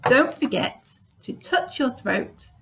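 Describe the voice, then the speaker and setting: A woman teacher talking slowly and clearly to young children, showing them different sounds in a lesson. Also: high voice, very animated, fairly bright tone. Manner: demonstrates sounds, bilingual repetition.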